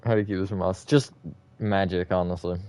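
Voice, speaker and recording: A man's voice: deep voice, steady tone, a little fast, darkish tone, clean tone. A man hosting a live stream, chatting casually with viewers in a rambling, self-correcting way and laughing often.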